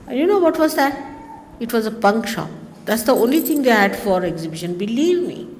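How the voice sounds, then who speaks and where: A woman's voice: medium pitch, sing-song, brisk, darkish tone. A woman tells wandering stories to listeners, breaking off for exclamations and asides. Her voice carries a long reverb, as if recorded in a big hall. A faint noise sits under it. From India. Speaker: speaker giving a talk. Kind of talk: anecdotal storytelling talk.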